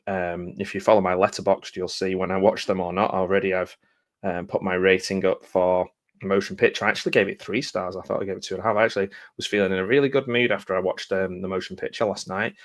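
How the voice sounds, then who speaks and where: A man with a voice on the low side rambles casually through a stack of film blurbs. He reads a bit, stops to muse, trips over himself, and picks the thread back up. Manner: rambling, self-interrupting, musing aloud; reads blurbs then breaks off with asides. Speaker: film vlogger. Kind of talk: casual chat, reading film blurbs aloud.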